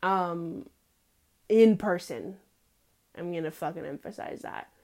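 A woman's voice: lowish voice, slow, a little mellow. A young woman hosting a casual confessional monologue, sassy and full of profanity and slang. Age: young adult.

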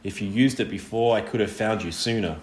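A man voicing a cold, menacing adult killer who speaks in a smooth, mocking, threatening way in an audiobook reading. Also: on the low side, brisk, darkish tone, lightly acted. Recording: roomy echo.

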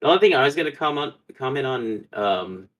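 Male podcast host, relaxed and halting. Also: medium pitch. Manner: hesitant, lots of fillers, relaxed. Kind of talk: casual chat.

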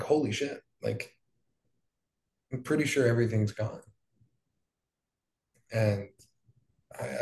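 A man's voice: on the low side, a little mellow. A young man from Hawaii telling his story in casual, rambling talk, full of fillers and swearing. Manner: loose, profane, rambling with fillers. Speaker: wildfire survivor guest. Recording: echoey room.

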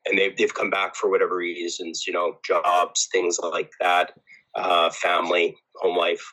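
Deep, flat-voiced football coach. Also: male voice, poor audio. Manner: earnest, repeats words as he thinks. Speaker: head football coach, guest. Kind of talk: casual podcast interview.

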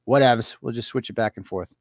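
A man's voice: medium pitch, brisk, no room sound, studio quality. A man hosting a casual commentary stream, sarcastic and mocking, often laughing. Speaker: show host. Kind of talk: casual commentary over clips. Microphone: computer mic.

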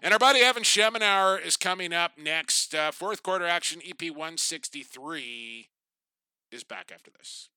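A man hosts a casual sports podcast with a very bright, slightly high voice. He talks in an upbeat, chatty way and lets his sentences trail off. The sound is dry and close. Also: animated, moderate pace, clean tone, no echo. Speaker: podcast host.

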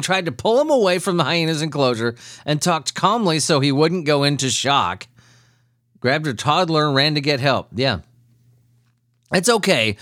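A man's voice: fairly high pitch, dry recording, studio quality. A man hosting a comedy news podcast, reading odd stories and ranting with lots of swearing and laughter. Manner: profane, laughing, animated ranting. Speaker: podcast host. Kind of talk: casual comedic news commentary.

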